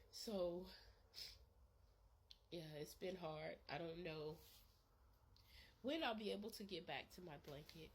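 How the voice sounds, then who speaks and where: A grieving woman talks in a personal vlog, halting and repeating herself, her voice tearful. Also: low voice, a little hiss or hum. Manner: halting, repeats words, many fillers. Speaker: vlogger.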